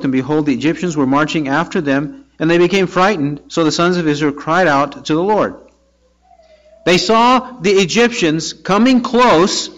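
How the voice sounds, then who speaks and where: A man's voice: a little high, fairly bright tone. A man preaching a sermon verse by verse, reading scripture aloud and then pressing his listeners with rhetorical questions. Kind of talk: expository sermon. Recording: dull lo-fi recording.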